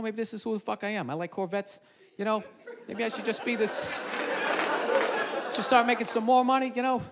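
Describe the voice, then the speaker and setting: A man doing stand-up comedy, loud and profane, ranting and mocking people in put-on voices. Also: extremely high pitch, background noise. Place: comedy club stage. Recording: live club recording with crowd laughter. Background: audience laughing.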